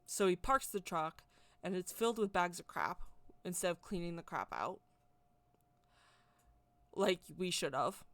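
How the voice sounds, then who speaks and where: A woman's voice: lowish voice, animated, a little slow, pauses often, no echo. A woman vlogger telling a casual story in a rambling way, often repeating and correcting herself. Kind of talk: casual spoken anecdote.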